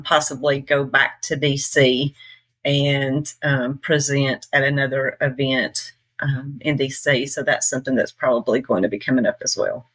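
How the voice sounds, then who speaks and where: Bright-voiced Southern woman. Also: a bass voice. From Tennessee, US. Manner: chatty, laughing, trailing off with fillers. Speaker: nonprofit CEO guest. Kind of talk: casual interview talk.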